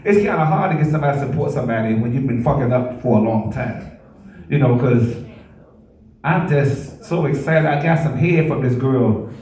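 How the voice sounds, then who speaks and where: A man's voice: mid-range voice, lively intonation, normal speed, a little mellow, far from the mic. A man doing a stand-up comedy set, rambling through stories and laughing at his own jokes. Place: comedy club stage. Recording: very echoey room from afar.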